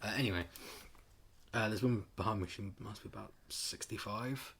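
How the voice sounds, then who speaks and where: A man's voice: lowish voice, moderate pace, vocal fry, fairly bright tone, breathy edge. A man co-hosting a podcast, rambling through a story in casual chat with lots of fillers. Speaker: podcast co-host.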